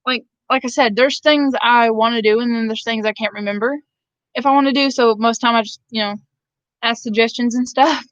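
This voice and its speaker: Woman, Southern Georgia drawl, rambling live-stream chat, laughs often, slightly high voice, muffled dry sound. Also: steady tone, brisk, dry recording. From Georgia, USA. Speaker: vlogger reading live chat.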